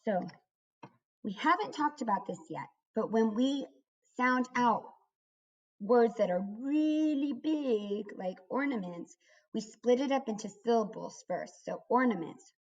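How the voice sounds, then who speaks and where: A woman's voice: on the high side, lively intonation, unhurried, distant mic. A young woman teaching a kindergarten writing lesson, sounding words out syllable by syllable. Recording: dull lo-fi recording.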